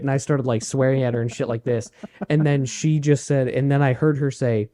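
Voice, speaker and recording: A man's voice: mid-range voice, fast. Profane young man telling a story. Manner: profane, animated when acting out quotes. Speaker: podcast co-host. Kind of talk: casual storytelling chat.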